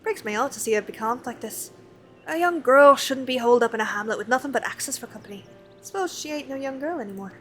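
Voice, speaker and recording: A woman's voice: sits high, expressive, quick pace, soft background music. A woman voicing a chatty, fond old pirate crewmate in a salty sailor's dialect while reading game dialogue aloud. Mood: rueful.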